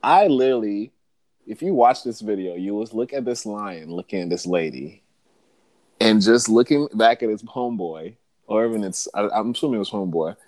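Laid-back low-voiced man telling a story. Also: no room sound. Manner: animated storyteller, jokes and swears, laughs often. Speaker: podcast host. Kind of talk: casual podcast chat.

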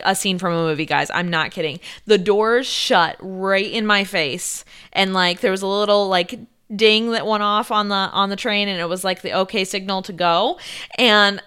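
A young woman vlogger telling a story to her viewers in a chatty, animated way, laughing often and saying "like" a lot. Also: medium pitch, clear, resonant tone. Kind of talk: casual storytelling to camera.

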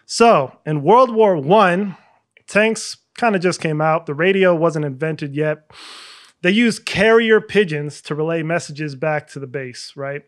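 Playful joking man, higher voice. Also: measured pace. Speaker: podcast co-host. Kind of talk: casual chat.

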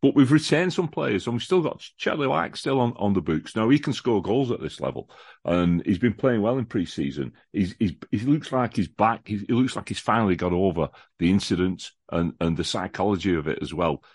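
A man with a deep, low voice talks casually about football as a podcast guest. He is enthusiastic and chatty, often restarting and repeating words. The sound is dry, with no room echo. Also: expressive, fairly quick, a little mellow, slightly rough. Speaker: podcast guest, lifelong fan of the visiting football club. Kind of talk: casual chat, football preview.

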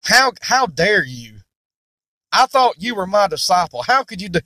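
A man's voice: high-pitched, very animated, a little slow, sharp tone, dry recording, voice pushed up, full character voice. A male preacher voicing a harsh, scolding man who insults a disciple he feels let down by. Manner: contemptuous, insulting.

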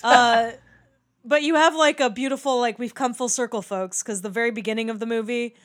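A woman's voice: a little high, fairly even intonation, fairly quick. A woman in a casual movie discussion, chatty and swearing freely, laughing often and acting out quoted lines. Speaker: podcast co-host.

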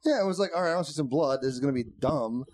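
Blunt high-voiced man, lively. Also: racing. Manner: blunt, argumentative. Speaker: comedian guest. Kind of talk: casual podcast chat.

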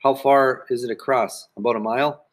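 A man's voice: mid-range voice, fairly even intonation, fairly quick, lightly acted. A man reading aloud voices a young girl who is stubborn but afraid, asking nervous, pleading questions. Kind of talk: audiobook reading.

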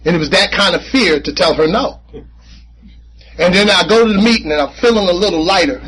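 A man speaking at a recovery meeting, telling his personal story in an animated, conversational way with casual slang and frequent repeats. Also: sits high, a little fast, breathy edge, rough recording. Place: meeting room.

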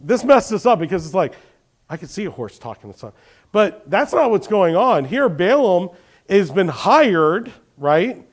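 A man's voice: high voice, big pitch swings, a little slow. A man preaching a sermon, telling Bible stories with animation and questioning his congregation. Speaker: pastor.

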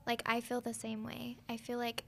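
A young woman with a slightly high voice and a gravelly, fry-laced edge. She chats casually with her co-host, friendly and giggly. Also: monotone, moderate pace, a bit bright. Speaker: podcast co-host. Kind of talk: casual podcast chat.

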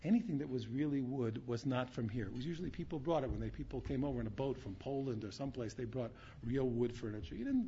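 A man's voice: medium pitch, gravelly, dark tone. A man talking to his students as their rabbi, rambling and repeating himself, with Hebrew terms mixed in. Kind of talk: informal talk with a story. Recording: dull lo-fi sound, faint room noise.

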